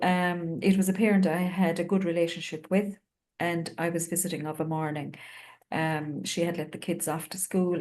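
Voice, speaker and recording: An Irish woman with a low voice tells a story from her work as a home visitor. She speaks earnestly and reflectively, pausing on fillers as she goes. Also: darkish tone. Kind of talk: panel discussion storytelling.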